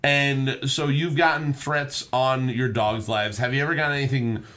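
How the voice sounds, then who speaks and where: A man hosting a podcast, chatting loosely and swearing freely. His pitch sits in an ordinary middle range. He drifts into long, rambling stories. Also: fairly even intonation, moderate pace, bright, forceful tone. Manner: profane, rambling storyteller. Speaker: podcast host. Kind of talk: casual chat.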